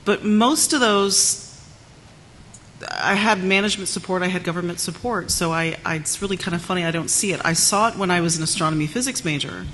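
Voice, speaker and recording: A woman systems administrator answering on a conference panel in a wry, unhurried way. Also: lowish voice, a bit bright, slight background noise.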